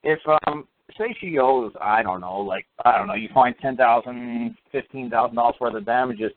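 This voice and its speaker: A man's voice: mid-range voice, moderate pace, few pauses, slight background noise. Rambling man on a tinny phone line. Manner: rambling, many fillers and restarts. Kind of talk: casual storytelling.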